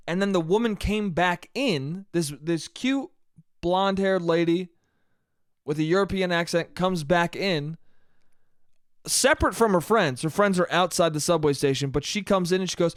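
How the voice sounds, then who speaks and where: A man's voice: a little high, moderate pace, clear, resonant tone, no echo, clean studio sound. A young man hosting a solo comedy podcast, profane and rambling, often cutting himself off mid-sentence. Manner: profane, rambling, self-interrupting. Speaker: podcast host.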